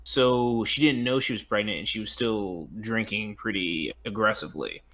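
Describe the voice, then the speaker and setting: A man's voice: lowish voice, moderate pace, fairly bright tone. Male podcast co-host, laid-back and slangy, casual film talk. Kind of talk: casual chat recapping a film.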